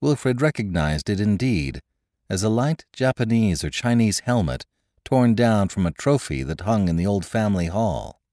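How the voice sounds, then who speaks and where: A man giving an expressive scripted audiobook narration of a classic story. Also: on the low side, moderate pace, no echo, clean studio sound.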